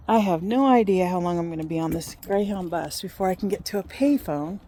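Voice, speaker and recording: A woman in her fifties casually telling a personal story, animated and acting out what people said. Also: mid-range voice, moderate pace. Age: 50s.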